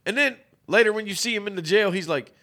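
A man's voice: sits high, quick pace, fairly bright tone. A man co-hosting a podcast, chatting casually and profanely while reviewing a movie. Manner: profane, rambling, joking. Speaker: podcast co-host.

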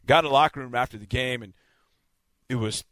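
A man, a sideline reporter, telling a game story in a casual, animated way on a sports podcast. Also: mid-range voice, a little fast, no echo. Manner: animated, vivid play-by-play retelling.

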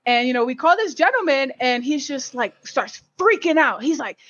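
A woman in her late twenties, an insurance agent, telling stories in an animated, laughing way and acting out callers. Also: moderate pace, muffled recording. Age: late 20s. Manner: animated, laughing, acts out callers in high voices. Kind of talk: casual podcast chat, storytelling.

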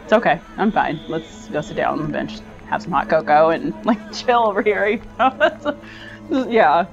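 Young female athlete, lively storyteller, muffled lo-fi audio, music bed. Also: on the low side, normal speed, gravelly. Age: young adult. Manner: animated, laughs often, acts out dialogue. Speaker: soccer player, interview clip. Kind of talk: casual storytelling.

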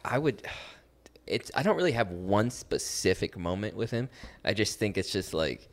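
A man's voice: lowish voice, sing-song, moderate pace. A man who is a guest on a podcast, speaking hesitantly and searching for words. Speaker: podcast guest, esports player. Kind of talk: casual chat.

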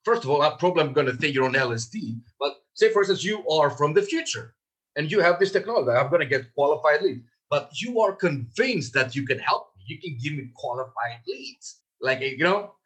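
A man's voice: on the high side, animated, fairly quick, a bit bright. Emphatic man coaching sales calls. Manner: lots of "like" and "you know" fillers. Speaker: podcast guest, sales trainer. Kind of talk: casual coaching talk.

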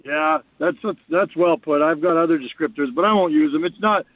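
A man's voice: fairly high pitch, brisk. A man calling in as a guest analyst on a sports radio show, talking candidly and often repeating words as he restarts. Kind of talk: casual sports radio chat. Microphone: phone. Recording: tinny phone line.

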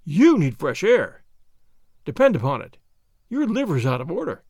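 A man reading aloud, voicing a calm, imperturbable gentleman who brushes off his friend with testy scorn. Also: on the high side, normal speed, husky, no room sound, clean studio sound, full character voice. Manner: dismissive, testy.

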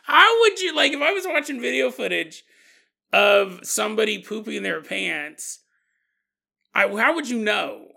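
A male podcast host tells an odd tale with jokey asides and frequent chuckles. His voice sits high and bright with a gravelly edge. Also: expressive, slow, long pauses. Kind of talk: comedic paranormal storytelling.

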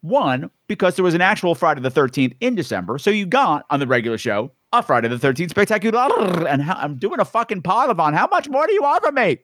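A man's voice: high voice, sing-song, quick pace, hardly any pauses, a bit bright, no room sound. A man co-hosting a podcast in casual chat, sarcastic and rambling, swearing freely. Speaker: podcast co-host.

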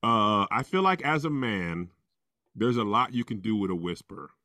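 A man's voice: on the low side, animated, moderate pace, pushed and bright, no echo, studio quality, far from the mic. A man co-hosting a podcast, bantering and laughing through his jokes. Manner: joking, laughs mid-sentence. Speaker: podcast co-host. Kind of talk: casual banter.

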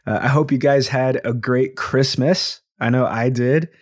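A man's voice: medium pitch, fairly even intonation, a little slow, no echo. A man hosting his own podcast, talking casually to listeners in an upbeat, thankful way with frequent fillers. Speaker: podcast host.

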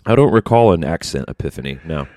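Deep-voiced, easygoing podcast host man. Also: lively intonation, quick pace, darkish tone, dry recording, studio quality. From Alabama. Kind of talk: casual chat. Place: hotel room.

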